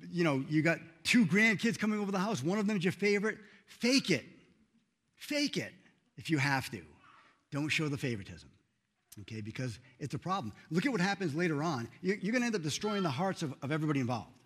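A man preaching a sermon in a church, earnest and emphatic, rising loud then dropping soft. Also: a little high, sing-song, fairly quick. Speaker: pastor.

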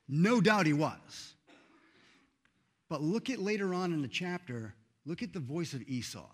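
A man preaching a sermon in a church, earnest and emphatic, rising loud then dropping soft. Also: a little high, animated, measured pace. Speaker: pastor.

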